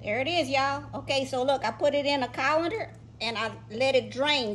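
A woman hosting a casual cooking demonstration in a home kitchen, folksy and exuberant, breaking into high whoops. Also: moderate pace, a bit bright, a little hiss or hum, rough recording. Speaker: cooking show host.

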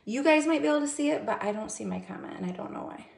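A woman's voice: fairly high pitch, lively intonation, rapid-fire, creaky, a little mellow, roomy sound. A woman hosting a casual makeup livestream, chatty and greeting viewers by name.

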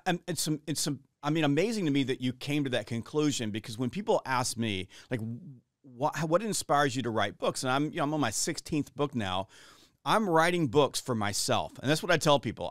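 A man's voice: medium pitch, a bit bright, smooth, no echo, clean studio sound. A middle-aged man hosting a podcast interview, talking earnestly with frequent restarts. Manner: earnest, rambling with many restarts. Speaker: podcast host. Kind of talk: conversational interview.

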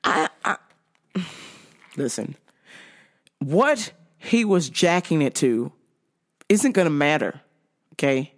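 A woman hosting a podcast, telling stories in a loud, profane, laugh-filled casual rant. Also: a little high, sing-song, normal speed, long pauses. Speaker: podcast host.

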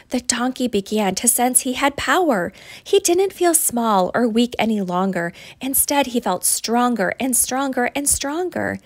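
A woman reading a rhyming picture book aloud for young children, in an expressive, sing-song way. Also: on the high side, dry recording. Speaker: storytime reader.

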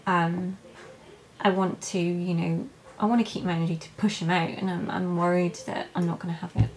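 A young woman telling her birth story in a vlog, halting and emotional, with many fillers and restarts. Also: fairly low pitch, little pitch movement, slight background noise, low-quality recording. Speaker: vlogger. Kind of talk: personal birth story, casual.

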